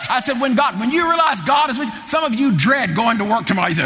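A middle-aged man preaching a sermon, building into fervent shouting with repeated phrases. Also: very high-pitched, lively intonation, quick pace, few pauses. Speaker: pastor. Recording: long hall reverb with faint noise.

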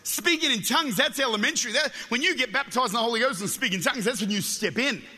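Australian male preacher, high and very bright, animated storytelling, long church reverb. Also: fast talker. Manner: animated storytelling with jokes, stumbles and repeats words. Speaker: guest preacher. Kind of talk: Pentecostal sermon.

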